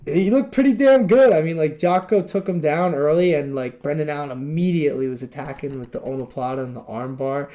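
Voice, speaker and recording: A man's voice: fairly high pitch, brisk, few pauses, warm tone. A man co-hosting a podcast, rambling casually and laughing often as he retells stories. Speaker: podcast co-host. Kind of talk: casual chat.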